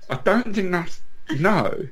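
A man's voice: high voice, animated, slow pace, background noise. A man co-hosting a casual football podcast, laughing as he ribs a friend and repeating words as he talks. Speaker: podcast co-host.

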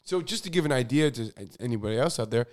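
A man co-hosting a casual podcast, joking and teasing his partner. His pitch swings widely, and he jumps high when he plays up a point. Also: lively intonation, fast talker, a little mellow. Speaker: podcast co-host. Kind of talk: casual chat.

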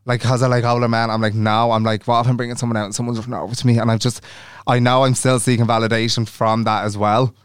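A man's voice: medium pitch, flat delivery, fast talker, clean tone, no room sound, clean studio sound. A young man co-hosting a podcast in casual chat, telling stories loosely, acting out quoted dialogue and swearing freely. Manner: chatty storyteller who acts out quoted dialogue and swears freely. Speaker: podcast co-host.

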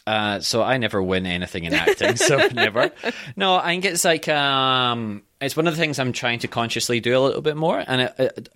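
A young Scottish actor chatting candidly on a podcast, swearing freely and telling animated stories. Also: male voice, medium pitch, brisk, hardly any pauses, no echo, clean studio sound. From Scotland. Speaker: guest actor. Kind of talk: casual podcast chat.

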